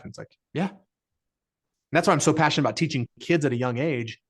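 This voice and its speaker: A man's voice: on the high side, quick pace, long pauses, breathy edge. A middle-aged man speaking as a podcast guest in an earnest, emphatic way, repeating phrases for effect. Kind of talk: motivational interview talk.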